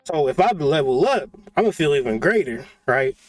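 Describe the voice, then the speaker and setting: A man's voice: on the high side, expressive, normal speed, no room sound, soft background music. A man in a casual, profane monologue, joking and laughing as he talks. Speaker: channel host.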